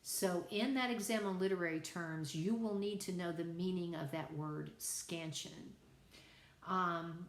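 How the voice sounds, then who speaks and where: A middle-aged woman teaching a college writing class in a chatty, conversational lecture style with asides to her students. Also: fairly low pitch. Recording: echoey room.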